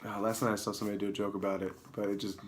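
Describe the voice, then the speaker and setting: Rambling low-voiced man joking through news. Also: rapid-fire, slight background noise. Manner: rambling, self-mocking, deadpan asides. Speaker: comedy show host. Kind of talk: improvised comedic news rundown. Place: alone in a room, talking to camera.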